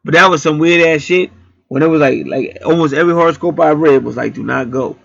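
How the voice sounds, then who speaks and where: A man's voice: fairly high pitch, fast, vocal fry, a bit bright, dry recording, muffled recording. A man hosting his own channel, telling stories in a blunt, profane, heated rambling monologue. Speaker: channel host.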